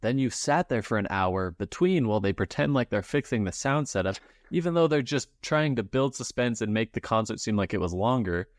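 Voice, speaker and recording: A man with a lowish voice co-hosts a podcast in casual chat. He rants with exasperation and drops into mimicked hype-man lines. The sound is dry and close. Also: lively intonation, brisk, no echo. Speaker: podcast co-host.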